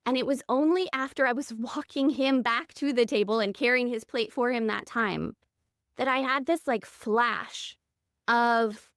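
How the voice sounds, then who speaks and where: Woman, 30s, podcast guest, earnest, candid storytelling, slightly high voice. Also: moderate pace, no echo, studio quality. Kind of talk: reflective interview conversation.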